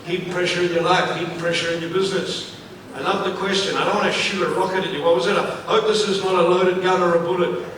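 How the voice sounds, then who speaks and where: Male motivational speaker, high-pitched, punchy and repetitive, recorded from a distance in a big echoey hall. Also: quick pace, few pauses, slight background noise. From Africa. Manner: energetic, repetitive, asks the audience questions. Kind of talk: live keynote speech to an audience. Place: large event venue, on stage. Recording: echoey hall, mic at a distance, faint ambience.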